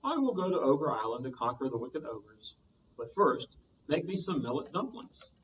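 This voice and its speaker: A man's voice: mid-range voice, sing-song, moderate pace, a bit bright, a little hiss or hum. A man voicing a lazy but strong boy hero with an easygoing drawl, heard from a distance on muffled audio. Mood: sleepy.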